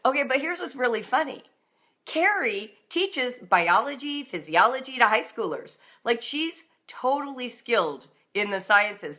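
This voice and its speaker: A middle-aged woman talking straight to parents on a live stream, encouraging and chatty. Her voice is bright and forward. Now and then she slips into a playful voice to act out a small scene. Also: lowish voice. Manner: animated and chatty, acting out little scenes in a playful voice. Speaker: homeschool writing coach and show host. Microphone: phone or webcam on a social media live stream.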